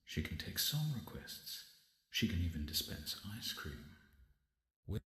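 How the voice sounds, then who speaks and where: An actor with a British accent playing a scheming male inventor in a game cutscene, pitching his robot like a salesman. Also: sing-song, slow, sharp tone, in a large hall, exaggerated voice. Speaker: villain in a horror game.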